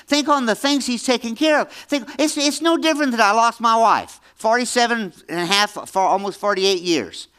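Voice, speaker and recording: A man in his seventies preaching a Bible-teaching sermon, emphatic, repeating phrases and swinging between loud and hushed. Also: very high-pitched, smooth. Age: 70s.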